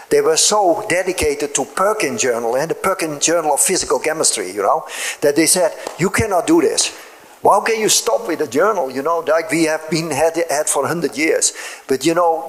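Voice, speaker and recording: An older man from the Netherlands with a Dutch accent, a guest scientist talking to an audience in a university hall, emphatic and persuasive, with lots of "you know" and "eh?" tags. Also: fairly high pitch. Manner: lively, peppers speech with "you know", "eh?" and "yeah?" tags. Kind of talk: conversational public talk.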